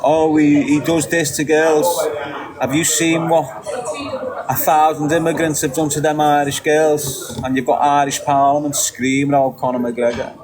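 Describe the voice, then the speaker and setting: The podcast guest, a middle-aged man from Liverpool, rants at a moderate pace in a fairly high, flat voice. He keeps repeating himself and gives short laughs, and the low-quality recording picks up crowd noise.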